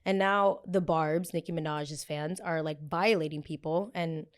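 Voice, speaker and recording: A young woman hosting a pop culture podcast in a blunt, gossipy, animated chat style. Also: sits low, measured pace. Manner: animated, gossipy and blunt, with frequent quoted voices. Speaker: podcast host.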